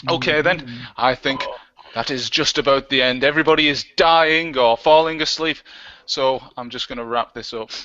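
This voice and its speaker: A man's voice: medium pitch, moderate pace, bright, forceful tone, lo-fi sound. A man hosting a casual livestream chat, laid-back and joking as he wraps up the show. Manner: laid-back, wrapping up with jokes. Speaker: livestream host.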